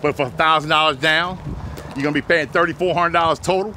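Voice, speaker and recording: A man, a used car dealer giving a joking, folksy sales pitch while walking around his lot outdoors. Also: steady tone, quick pace, sharp tone, slight background noise.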